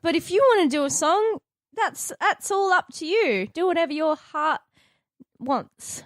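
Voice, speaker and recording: A woman's voice: very high-pitched, lively intonation, a little slow, a bit bright, dry recording, clean studio sound. A young woman co-hosting a podcast in casual chat, giggly and playful. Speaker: podcast co-host.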